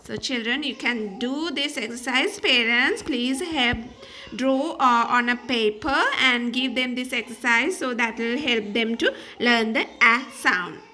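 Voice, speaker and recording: A woman teaches a phonics lesson to young children in a high, very bright voice. She goes slowly and drags out each sound, repeating letters and words over and over. She stumbles and restarts now and then.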